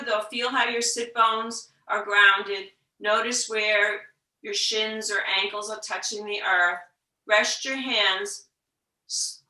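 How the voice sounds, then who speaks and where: A woman teaching a yoga class, talking slowly and gently, sometimes dropping to a whisper to show the breath. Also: medium pitch, recorded from a distance. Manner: slow, gentle guiding with soft whispered breath demos. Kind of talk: guided yoga instruction. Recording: echoey room, voice from off-mic.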